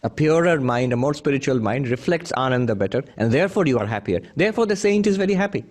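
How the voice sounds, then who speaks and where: A monk gives a spiritual talk full of anecdotes, chuckling often as he tells them and restarting many sentences. His mid-range voice is animated, fast, and a little mellow.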